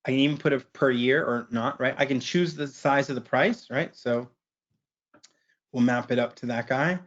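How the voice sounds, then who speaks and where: A man presenting a webinar, walking through a software screen share in a casual way and tagging his sentences with "right?". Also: medium pitch, normal speed, muffled recording. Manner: casual, keeps asking "right?".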